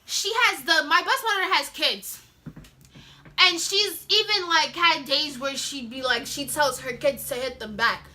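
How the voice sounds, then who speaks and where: A teenage girl telling a story in a casual, animated way, acting out the scenes with sound effects. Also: high-pitched, a little slow. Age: teens. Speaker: vlogger.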